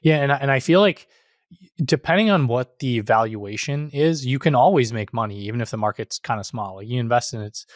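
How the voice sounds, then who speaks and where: Man, podcast host, casual, self-correcting, mid pitch, dry sound. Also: animated, fairly quick, no echo. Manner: rambling, self-correcting questions.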